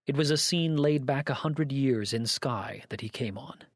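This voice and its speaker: A man narrating a story in a measured, even scripted reading. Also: mid-range voice, no room sound, clean studio sound.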